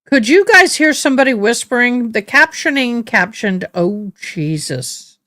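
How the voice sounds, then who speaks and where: A woman hosting a live stream, giving casual commentary in a halting way and repeating words when she is moved. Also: fairly high pitch, animated, pushed and bright, no room sound.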